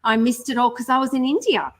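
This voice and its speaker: A woman from Australia with an Australian accent, a real estate agent answering interview questions in a relaxed, rambling way. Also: on the high side, fast talker. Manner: relaxed and rambling, with many ums.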